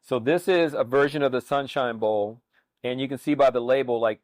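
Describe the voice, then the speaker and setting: A chef demonstrates a recipe, talking in a relaxed, easy way that's full of fillers and restarts. His voice is medium-pitched at a moderate pace, with no room sound.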